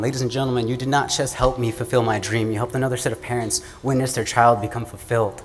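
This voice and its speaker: A young man from the American Midwest giving an earnest, measured, oratorical student speech at an event. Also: medium pitch, steady tone. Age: young adult. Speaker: student speaker. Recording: long hall reverb, faint room noise.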